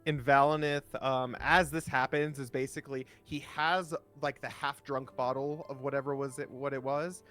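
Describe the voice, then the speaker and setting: A man's voice: medium pitch, steady tone, moderate pace, few pauses, fairly bright tone, soft background music. A man playing a tabletop game, loosely describing his character's actions with fillers. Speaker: player. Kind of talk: casual play at a tabletop game.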